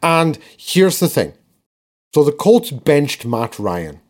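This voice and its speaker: Male co-host, higher voice, casual animated sports chat, laughs as he talks. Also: takes it slowly. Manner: animated, laughs while recapping, repeats words. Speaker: podcast co-host.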